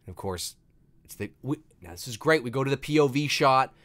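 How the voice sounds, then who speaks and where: Man, host of a casual live movie commentary. Excitable and profane, with a lively, swinging pitch. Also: fairly quick. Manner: excitable, swears freely, reads chat aloud.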